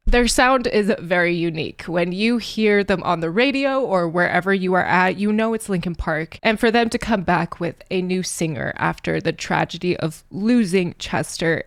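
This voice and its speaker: A woman's voice: on the low side, dry recording, studio quality. A woman hosting a music reaction video, talking in an earnest, rambling, emotional way. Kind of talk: casual reaction commentary.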